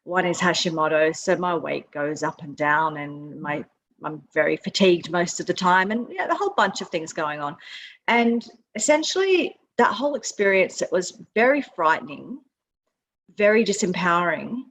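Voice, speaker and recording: A woman's voice: lowish voice, expressive, normal speed, fairly bright tone, slight background noise. A fifty-year-old woman from Sydney with an Australian accent, speaking candidly as a nutrition guest on an online video-call interview. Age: 50s. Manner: candid, frank about her own health.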